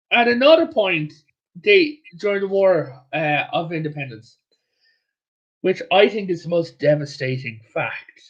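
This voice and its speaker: An Irish man with a fairly high voice tells history stories as a guest, animated and rambling, often backing up to restart a sentence. His audio is dull and lo-fi, like an online call. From Ireland. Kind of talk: casual history chat.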